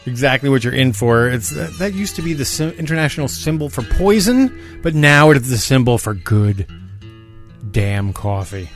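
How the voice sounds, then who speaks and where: A man co-hosting, reading a sponsor ad with an upbeat pitchman delivery. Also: animated, moderate pace, soft background music. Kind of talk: casual podcast ad read.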